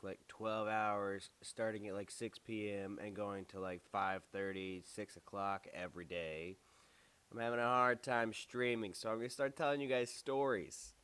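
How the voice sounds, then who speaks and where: A young man telling a casual, animated story from his own life, acting out the other people's lines in quick voices. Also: on the low side, clean tone. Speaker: storyteller vlogger.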